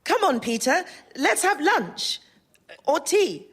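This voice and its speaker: A woman's voice: sits high, big pitch swings, slow pace, a bit bright, heavily acted. A woman playing a flirtatious university lecturer in a comic stage reading, swooning and theatrical. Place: live theatre audience.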